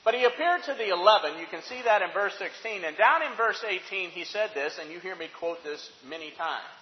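A man's voice: sits high, lively intonation, a little fast. A man preaching a sermon, emphatic and full of rhetorical questions, in a church sanctuary. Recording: dull, echoey hall recording.

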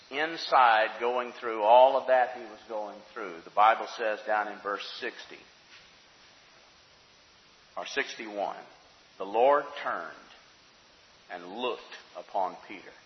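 A man preaching a sermon, telling a story dramatically, dropping to hushed tones and rising to fervent peaks. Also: fairly low pitch, slight background noise. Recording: echoey hall, dull sound.

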